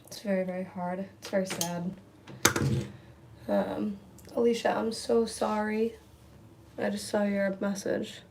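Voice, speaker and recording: Young female streamer, casual and rambling, creaky mid-pitched voice, faint room noise behind. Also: level tone, a little slow, pauses often. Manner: rambling, repeats words, reads viewer comments aloud. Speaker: livestreamer. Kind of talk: casual livestream chat. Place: at home indoors, near a window.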